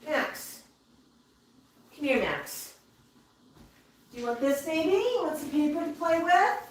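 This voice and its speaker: A woman hosting a casual livestream, talking softly and coaxingly to her pet parrots between reading viewer comments. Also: sits high, expressive, takes it slowly. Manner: soothing baby-talk to her parrots. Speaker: parrot keeper and livestream host. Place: indoor room with parrots. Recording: echoey room, heard from a distance. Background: faint noise and birds.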